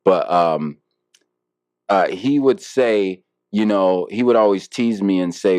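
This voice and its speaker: A man's voice: deep voice, measured pace, darkish tone, no room sound, studio quality. A man, a harpist guest in an interview, talking casually and reflectively with many fillers and restarts.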